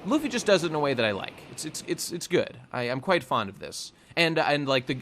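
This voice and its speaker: A man's voice: mid-range voice, expressive, fast talker, hardly any pauses, a bit bright, a little hiss or hum. A man co-hosting a fan podcast in casual chat, rambling with lots of fillers and restarts. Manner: rambling, many fillers and restarts, laughs often. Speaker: podcast co-host.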